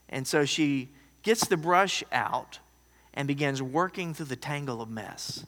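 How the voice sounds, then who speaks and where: A man preaching a sermon, telling a story that swings from loud to hushed. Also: a little high, unhurried. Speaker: pastor. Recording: long hall reverb.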